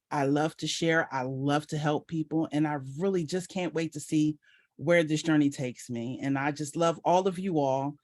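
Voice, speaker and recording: A woman's voice: fairly low pitch, darkish tone. A middle-aged woman giving a heartfelt personal testimony on a video call, earnest and emotional, her voice swelling with gratitude. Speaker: team member sharing her story.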